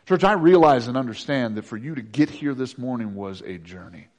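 A man preaching a sermon as pastor, swinging between loud declarations and hushed, intimate passages. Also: mid-range voice, lively intonation, a little fast, in a large hall.

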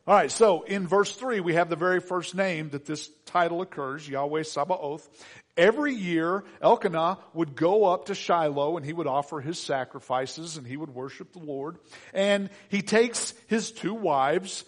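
A man preaching a sermon as pastor, conversational and joking, with frequent fillers and restarts. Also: a little high.

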